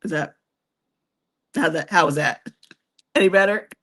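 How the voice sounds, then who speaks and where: A woman's voice: on the low side, a little slow, a bit bright, slight background noise. A woman hosting a live stream who chats casually with viewers and reads their comments. She is chatty, laughs often and teases herself. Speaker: host of a cruise travel channel.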